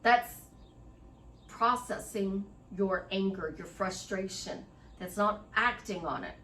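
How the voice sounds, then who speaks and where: A woman's voice: mid-range voice, slow, pushed and bright, far from the mic. A middle-aged woman life coach giving a chatty, rambling motivational monologue, speaking straight to the listener. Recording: echoey room, voice off-mic.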